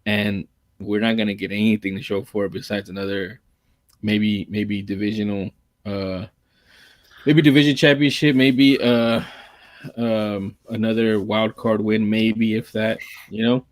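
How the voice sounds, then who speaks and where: A low-voiced man talks football in a loose, rambling way, circling back and restarting his sentences. His delivery is fairly flat and monotone. The sound is dry and close, with no room echo. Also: measured pace. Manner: rambling, restarts often, calls himself monotone. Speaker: podcast co-host. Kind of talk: casual sports talk.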